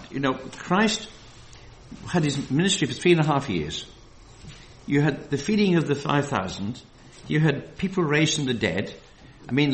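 A man preaching a Bible study sermon. He reads verses slowly and with emphasis, then drifts into loose, filler-heavy asides. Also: mid-range voice, fairly bright tone.

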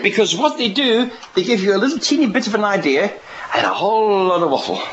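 Guy giving a rambly sermon, keeps asking the crowd questions, bright tense voice, muffled old recording. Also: mid-range voice, a little hiss or hum. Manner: rambling, with restarts and rhetorical questions. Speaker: preacher. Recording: dull lo-fi recording.

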